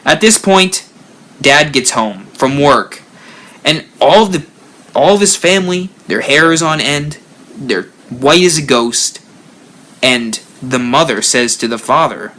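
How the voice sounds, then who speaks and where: A man hosting a live stream, telling a spooky story with lively rises and drops. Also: mid-range voice, a little slow. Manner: animated storyteller, rising and dropping for effect. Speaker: haunt builder channel host.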